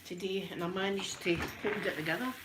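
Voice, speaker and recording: A woman's voice: lowish voice, a little fast, noisy background. A Scottish woman hosting a chatty live stream while ironing, emotional and tearful, greeting her viewers by name.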